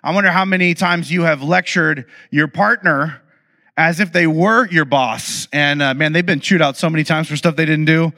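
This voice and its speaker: A man giving a conversational storytelling talk to an audience, animated and humorous, with confiding asides. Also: on the high side, moderate pace. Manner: animated, acts out quoted dialogue. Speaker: speaker addressing an audience.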